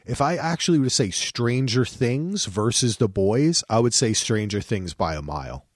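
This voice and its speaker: Animated, swearing man on a podcast. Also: mid-range voice, normal speed, no echo, studio quality. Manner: animated, profane, restarts often. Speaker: podcast co-host. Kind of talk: casual chat.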